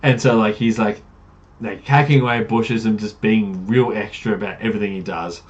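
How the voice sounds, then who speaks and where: A man's voice: fairly low pitch, fairly even intonation, a little fast, lo-fi sound. A man from Australia, the game master, casually recapping a tabletop campaign, rambling with fillers and self-corrections.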